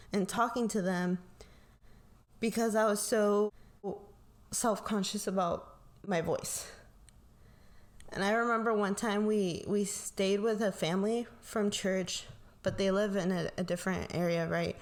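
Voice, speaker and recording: Slow, soothing young woman sharing testimony. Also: mid-range voice. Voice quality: calm, soothing voice. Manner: slow, reflective, tags lines with "like" and "right?". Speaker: pastor's kid and co-host. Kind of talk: personal faith testimony chat.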